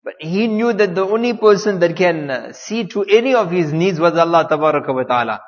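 A man's voice: high voice, expressive, brisk, big-room sound, lo-fi sound. A man preaching, telling a story in a sermon, repeating phrases and using Arabic religious terms.

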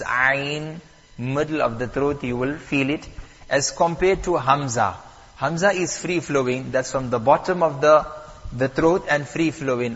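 A man teaching Quran recitation at a mosque, calm and patient, repeating and stressing the key points. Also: mid-range voice, husky, long reverb tail, muffled recording. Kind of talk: lesson on Quran recitation rules.

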